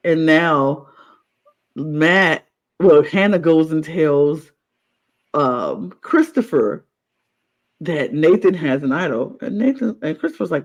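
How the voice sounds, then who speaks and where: An animated co-host on a casual reality-show podcast, talking with a lilt. The delivery is lively and theatrical, jumping into mock voices of the contestants mid-story. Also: mid-range voice, takes it slowly, rough recording. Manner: animated, acts out contestants' lines in exaggerated voices.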